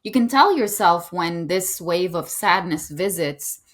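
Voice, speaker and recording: Low-voiced woman, earnest podcast guest. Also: expressive, unhurried. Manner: earnest, gentle, emphatic on key points. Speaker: author guest. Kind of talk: conversational interview.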